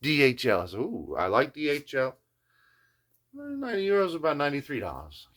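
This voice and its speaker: Animated older man telling a rambling story. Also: fairly high pitch, brisk. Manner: animated, keeps adding "you know what I mean"; slips into playful voices when quoting people. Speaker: guitar restorer, video journal host.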